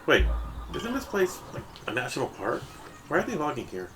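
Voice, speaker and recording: A man's voice: mid-range voice, huge pitch swings, moderate pace. A man reads a first-person story aloud in a mid-range voice. His delivery is casual and he corrects himself along the way. Music plays steadily behind him. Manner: casual reading with self-corrections.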